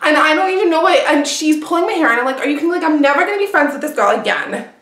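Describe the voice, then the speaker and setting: A woman's voice: high-pitched, animated, racing, a bit bright. A young woman improvising as a brash, gossipy party girl, chattering with constant fillers in an echoey room. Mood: heated. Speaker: actor auditioning. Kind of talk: improvised character monologue. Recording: roomy echo.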